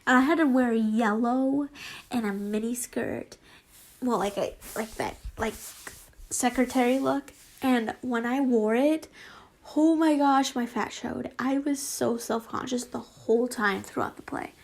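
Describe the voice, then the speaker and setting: Slow, giggly young woman reading fanfiction. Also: a little high. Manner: giggly, rambling, apologetic. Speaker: fanfiction reader. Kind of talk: casual reading with chatty asides.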